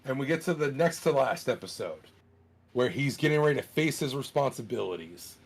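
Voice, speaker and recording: A man in a casual podcast chat, retelling a plot in an animated, profane way, with many fillers. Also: mid-range voice, a little fast, creaky, breathy edge.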